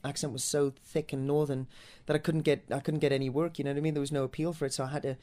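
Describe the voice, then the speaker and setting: This musical theatre actor and singer from Newcastle, England, speaks in a warm tone and an accent that mixes American with Northern English. In his interview answers he talks quickly, keeps his pitch mostly flat, and rambles with plenty of restarts and fillers.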